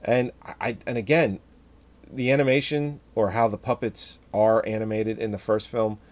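A man's voice: lowish voice, moderate pace. A man co-hosting a podcast, chatting casually about a horror film and acting out scenes with laughs. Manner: animated, acts out scenes with voices and laughs. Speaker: podcast co-host. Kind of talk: casual movie review chat.

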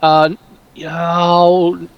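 A man's voice: on the high side, monotone, drawn-out words, smooth, dry recording, dull audio. A man chatting casually on a podcast with a New Jersey accent, rambling with frequent restarts and mocking asides. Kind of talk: casual chat.

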